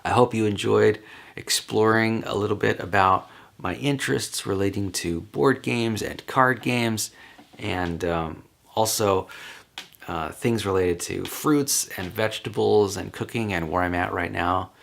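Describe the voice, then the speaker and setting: A man's voice: on the low side, measured pace, creaky, a bit bright. A man talking casually on his own, answering questions in a rambling, chatty way with light laughs. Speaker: vlogger.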